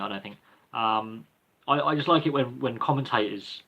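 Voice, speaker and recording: Bright-voiced man rambling through a livestream Q&A. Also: mid-range voice, normal speed, creaky, husky, muffled recording. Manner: rambling, hesitant, many ums and restarts. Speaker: livestream Q&A host. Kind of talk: casual unscripted answering of viewer questions.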